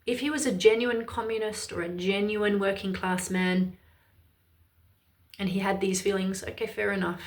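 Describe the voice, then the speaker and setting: An Irish woman delivers ranting political commentary to camera. Her voice sits at a middling pitch, and she sounds heated, emphatic and openly exasperated. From Ireland.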